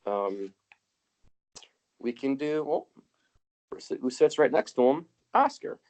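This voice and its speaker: A man's voice: medium pitch, very animated, slow, darkish tone. A young man co-hosting a casual podcast chat, laughing often and acting out quotes in raised voices. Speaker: podcast co-host.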